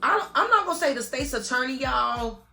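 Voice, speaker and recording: A young woman vlogger tells an emotional story-time monologue in a high, expressive, creaky voice with a sharp edge, moving at a brisk clip. She's earnest and speaks straight to her viewers, saying "y'all" constantly.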